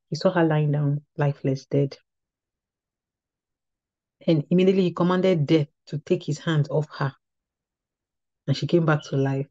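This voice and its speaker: Her voice is deep and dark in tone as she tells a testimony at a women's ministry, earnestly spinning the story while frequently restarting and repeating phrases. The lo-fi recording is slightly dull, with no echo.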